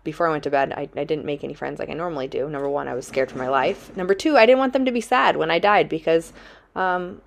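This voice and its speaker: Low-voiced woman telling a dramatic story. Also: fast talker, vocal fry. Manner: dramatic, chatty, heavy use of "like". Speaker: travel vlogger. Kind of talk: casual storytelling to camera.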